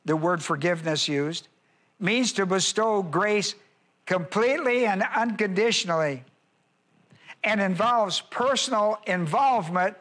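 A male pastor teaching a Bible study, repeating key phrases and slowing down to stress words. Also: sits high, a bit bright.

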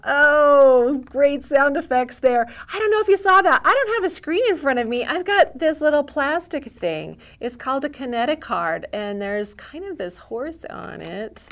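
A woman hosting a storytime for young children, reading picture books aloud with an expressive, animated delivery. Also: high-pitched, normal speed, hardly any pauses. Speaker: children's librarian.

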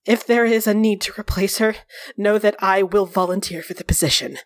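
A woman voicing a protective, caring female warrior who speaks earnestly and gently. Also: mid-range voice, a little fast, no room sound, natural voice. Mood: resolute.

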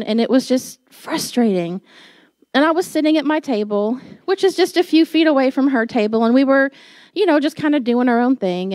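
A woman pastor giving a sermon, telling a personal story in a chatty, animated way and laughing at herself. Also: sits high, no echo.

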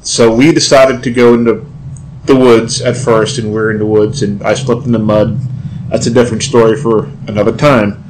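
A man's voice: fairly low pitch, flat delivery, normal speed, noisy background. Chatty man telling a ghost-hunt story. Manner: chatty, meandering. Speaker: guest. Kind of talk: anecdotal storytelling. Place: shop, indoors.

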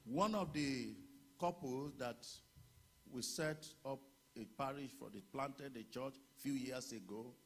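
Fervent Nigerian pastor with gravelly voice. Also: male voice, medium pitch, slow pace. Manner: fervent preaching, bursting into shouted declarations. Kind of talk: sermon. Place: church.

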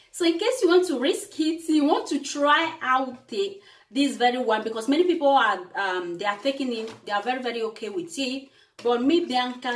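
A woman vlogger chatting casually to camera, repeating herself with many hesitations. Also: fairly high pitch. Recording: echoey room, far from the mic.

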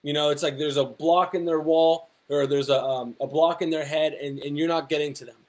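A man's voice: a little high, fairly even intonation, a little fast, darkish tone. A young adult man, a fitness coach, giving casual motivational advice with lots of rhetorical questions and fillers. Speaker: fitness coach and personal trainer. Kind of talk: casual motivational talk to camera.

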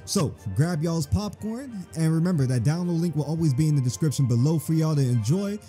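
A man hosting a gaming channel, playing through a fan game with excitable, joking and profane banter. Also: a little high, fairly quick, faint music behind. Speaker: YouTube gaming host. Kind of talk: casual let's-play commentary.

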